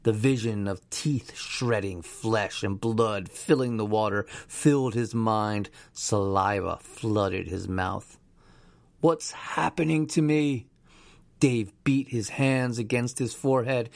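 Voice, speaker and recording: A man narrating a story in a slow, even storytelling manner. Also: mid-range voice, no echo. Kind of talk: audiobook narration.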